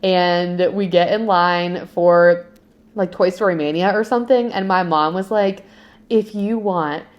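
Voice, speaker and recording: Woman, podcast co-host, casual animated storytelling, slightly low voice. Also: a little slow, dull audio. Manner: animated storytelling with frequent laughs. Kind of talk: casual chat.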